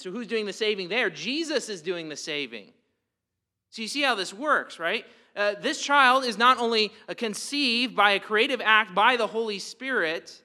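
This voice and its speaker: A man preaches a sermon in a bright, forward voice that sits a little high for a man. He is emphatic and keeps asking rhetorical questions, often repeating words as he builds his point. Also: animated, unhurried. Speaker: pastor.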